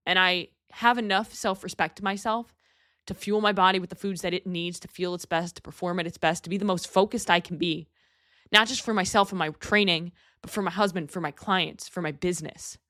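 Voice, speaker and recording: Young woman doing a motivational podcast rant, kinda low voice, swears here and there, super dry sound. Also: fairly even intonation, fairly quick, bright, forceful tone, no echo. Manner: candid, earnest, swears casually. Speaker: podcast host. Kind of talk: motivational monologue.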